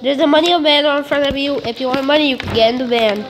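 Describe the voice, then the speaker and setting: A young girl with a high, bright voice chatters playfully through a game, repeating herself and goofing around. A clear hiss of background noise runs under the recording. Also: fast talker. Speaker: gamer. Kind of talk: playful gameplay commentary. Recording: noisy home recording.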